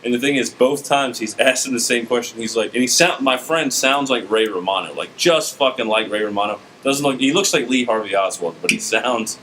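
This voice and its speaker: A man co-hosting a podcast, talking in a loose and rambling way and dropping quiet on his asides. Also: medium pitch, a little fast, few pauses, slight background noise, rough recording. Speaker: podcast co-host. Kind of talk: casual podcast chat.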